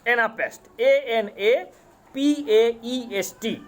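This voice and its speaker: A man with an Indian accent, a college English lecturer giving a lecture, speaking deliberately, repeating terms and spelling words out letter by letter. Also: extremely high pitch. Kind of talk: classroom lecture on poetic meter.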